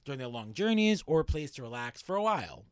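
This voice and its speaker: Man, podcast co-host, casual storytelling, animated pitch, dry close sound. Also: fast, smooth, no room sound. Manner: chatty, jokey, self-deprecating narrator.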